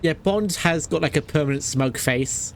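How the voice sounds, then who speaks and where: A man's voice: on the high side, normal speed, slight background noise. A man streaming a game, chatting casually, ranting and laughing often. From Britain. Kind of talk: casual chat while playing.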